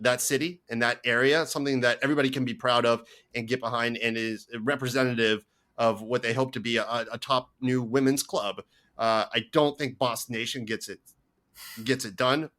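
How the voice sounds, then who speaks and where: A man's voice: mid-range voice, bright, forceful tone. A man co-hosting a podcast in casual chat, opinionated and teasing, with emphatic short remarks. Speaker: podcast co-host.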